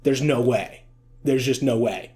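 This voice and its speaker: A man's voice: mid-range voice, unhurried, a little mellow. A man giving casual, chatty vlog commentary, amused and full of fillers. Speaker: video essay vlogger.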